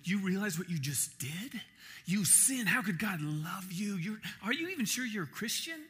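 A man's voice: sits high, sing-song, moderate pace, pushed and bright, breathy edge, pitched above the performer's own voice, heavily acted. A man voicing a taunting male devil who eggs sinners on and then sneers at them. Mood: sneering accusation. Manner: egging on, then sneering and accusing.

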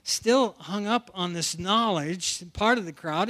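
A preacher teaching from the Bible delivers an expository sermon in a high-pitched, bright, forceful voice. He speaks slowly with few pauses, talking animatedly and often repeating words as he restarts a phrase.

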